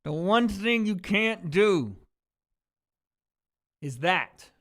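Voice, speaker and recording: High-voiced man ranting angrily at chat. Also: expressive, drawn-out words, a bit bright. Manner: profane, heated, snapping at chat. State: angry and frustrated. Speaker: streamer reacting to a football game and live chat. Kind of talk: heated livestream rant to chat.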